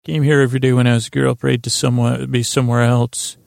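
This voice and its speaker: A man's voice: mid-range voice, flat delivery, fast, creaky, a little mellow, dry recording, clean studio sound, natural voice. A man reading a bitter young noblewoman.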